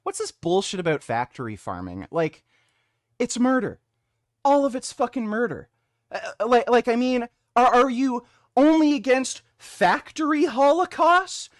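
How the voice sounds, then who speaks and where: A man hosting a livestream, ranting loudly and mockingly, swearing constantly as he reacts to a video. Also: very high-pitched, very animated, measured pace, no room sound, clean studio sound. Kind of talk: profane angry rant.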